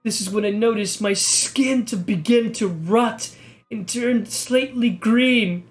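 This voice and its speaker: A man giving a mock-serious, deadpan reading of an amateur horror story, stumbling over the text now and then. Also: sits high, slow pace, soft background music. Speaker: video creator reading a story.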